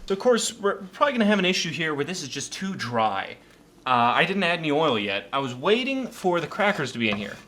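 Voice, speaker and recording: A man's voice: a little high, big pitch swings, fairly quick, pushed and bright, a little hiss or hum. A man narrating a cooking vlog in a playful, mock-earnest way, hyping up strange dishes as he makes them. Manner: playful, mock-earnest, hypes up bad food. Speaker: cooking vlogger.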